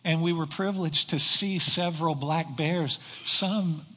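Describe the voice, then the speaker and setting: Male pastor, sermon delivery, high and bright, asks the congregation questions, lingers on key words. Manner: earnest preaching, slows down for emphasis, rhetorical questions. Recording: reverberant hall.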